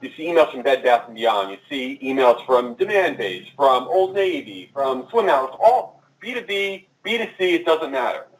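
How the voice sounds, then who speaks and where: Fast-talking male conference presenter, echoey. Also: medium pitch. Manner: fast-talking, energetic, addresses the audience directly. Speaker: conference speaker. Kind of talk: marketing presentation. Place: conference room. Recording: echoey and distant from the mic.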